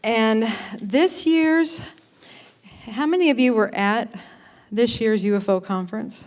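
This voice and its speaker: A woman introducing a speaker to a conference audience, talking in an excited, rambling way with many fillers and restarts. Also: on the high side, slow pace. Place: conference hall, in front of an audience.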